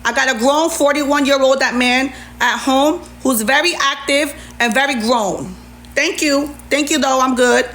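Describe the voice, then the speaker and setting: A woman's voice: high voice, a little slow, fairly bright tone. A middle-aged woman ranting sarcastically on a live stream, reading messages aloud and answering them with indignation. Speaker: livestreamer. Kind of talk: heated TikTok live rant.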